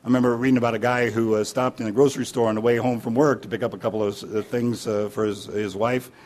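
Preacher guy telling funny stories, chatty and loose, lots of ums, normal pitch. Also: steady tone, fast, a little mellow. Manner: folksy, anecdotal, with fillers and restarts. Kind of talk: sermon with humorous stories.

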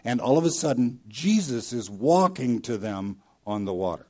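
A man preaching a sermon as pastor, swinging between loud emphatic bursts and hushed drops, and repeating key phrases for weight. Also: medium pitch, big pitch swings, moderate pace.

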